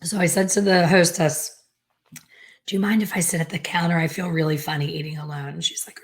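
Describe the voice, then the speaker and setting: Middle-aged woman, slightly low pitch, a hair color educator telling her story to camera, lively and animated. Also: brisk. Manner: lively, animated, acts out quoted dialogue.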